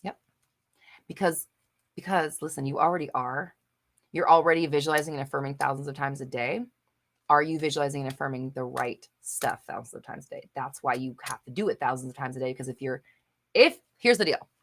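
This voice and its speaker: Blunt, bright-voiced woman hosting a live chat. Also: extremely low pitch, a little fast. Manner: blunt and emphatic, swears casually, lots of fillers. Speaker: host of a live manifestation Q&A. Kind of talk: casual live chat reading viewer comments.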